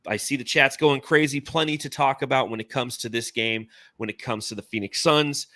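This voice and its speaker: A man in his forties hosting a casual sports podcast, talking in an animated, rambling, enthusiastic way. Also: mid-range voice, a little fast, no room sound. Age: 40s. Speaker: podcast host.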